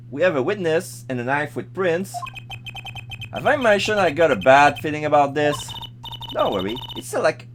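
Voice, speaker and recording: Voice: medium pitch, slight background noise. A let's play host chatting casually and reading game dialogue aloud with jokes. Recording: game music playing behind.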